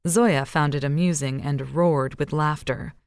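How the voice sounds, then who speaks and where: Her deep voice carries a scripted audiobook narration delivered in a steady, measured storytelling style. The woman is recorded at studio quality with no echo.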